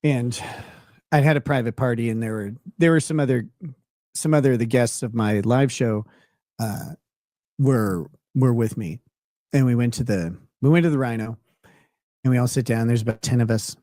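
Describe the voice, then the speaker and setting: A man's voice: medium pitch, dark tone, no room sound, studio quality. Laughing man from Minnesota telling stories. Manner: rambling, laughing often, many restarts and fillers. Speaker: show host. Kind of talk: casual storytelling chat.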